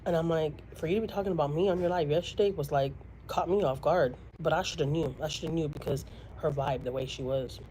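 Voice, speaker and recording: A woman's voice: deep voice, quick pace, warm tone, slight background noise, poor audio. A woman from Houston, telling a story to her live-stream viewers in a chatty way, with lots of fillers. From Houston, Texas. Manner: chatty, many fillers, quotes others dramatically.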